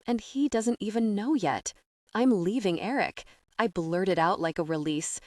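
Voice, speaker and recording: A woman reading a first-person romance audiobook in a soft, intimate, emotional way. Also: medium pitch, normal speed, no echo, studio quality. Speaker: audiobook narrator. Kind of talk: first-person scripted narration.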